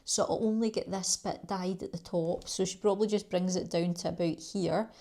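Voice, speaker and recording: A woman's voice: fairly low pitch, steady tone, normal speed, mellow. A middle-aged Scottish woman from Glasgow, chatting in a rambling, friendly way and laughing between thoughts as she answers viewer questions in a beauty vlog. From Scotland. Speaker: beauty YouTuber.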